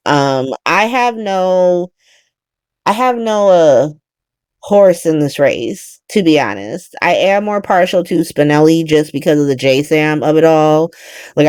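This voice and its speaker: A woman's voice: sits low, expressive, takes it slowly, darkish tone, clean tone, dry recording, clean studio sound. A young woman recapping soap episodes in casual chat, ranting, swearing and talking straight at the characters. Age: young adult. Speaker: soap opera recap host.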